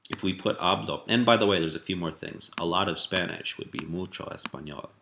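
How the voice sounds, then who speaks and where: A man giving a relaxed spoken language lesson, explaining step by step with fillers and rephrasing. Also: deep voice, fairly quick, slight background noise. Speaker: language teacher.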